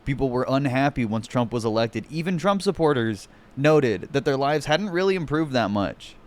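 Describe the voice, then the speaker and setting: A man's voice: medium pitch, lively intonation, moderate pace. A man streaming, reacting with sarcastic, profanity-laden mockery in casual commentary. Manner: profane, mocking, sarcastic rants.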